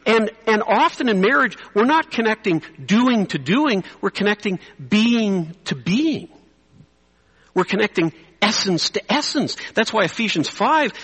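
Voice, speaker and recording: Animated male preacher in a reverberant hall. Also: high-pitched, slightly rough. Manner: animated, conversational, drops to quiet intensity. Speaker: preacher speaking to clergy. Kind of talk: sermon.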